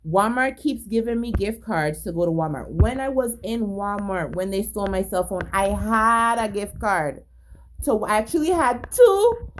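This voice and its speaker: Agitated woman ranting her story, swears a lot, keeps repeating herself, mid-pitched, faint noise behind. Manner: profane, emphatic and repetitive. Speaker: storyteller recounting a personal incident. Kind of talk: casual monologue.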